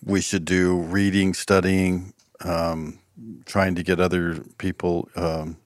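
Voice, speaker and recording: A heartfelt man with a very low voice co-hosts a faith podcast. He rambles warmly and fills pauses with ums. The studio sound is close and dry. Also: level tone, dry recording. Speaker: podcast co-host. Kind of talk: casual faith discussion.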